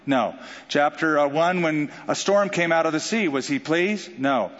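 Animated preacher in a big hall. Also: male voice, on the high side, unhurried. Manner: animated preaching with jokes and acted-out quotes. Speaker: pastor. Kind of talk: sermon. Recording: dull sound with long hall reverb.

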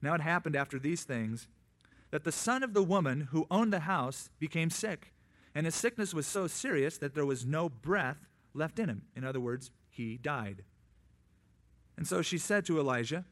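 A man preaching a sermon in a conversational way, with quick asides and acted-out quotes. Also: fairly high pitch, expressive, a bit bright. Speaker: pastor.

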